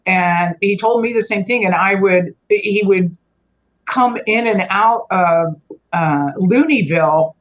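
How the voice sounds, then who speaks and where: A woman's voice: mid-range voice, slow, muffled recording. Earnest woman guest telling a rambling story. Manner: rambling, frequent restarts and self-corrections. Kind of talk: conversational storytelling.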